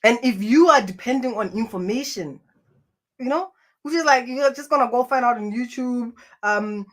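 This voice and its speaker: A woman's voice: fairly high pitch, normal speed. Earnest woman giving spiritual self-help talk. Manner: earnest, with many restarts and repeated phrases.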